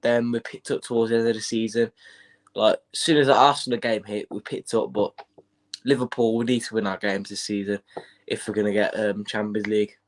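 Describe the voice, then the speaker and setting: A man co-hosts a casual football stream, stuffed up from hay fever and a bug. His voice sits on the low side with fairly even intonation, and he talks a little fast. It's laid-back fan chat, and he keeps circling back to the same points.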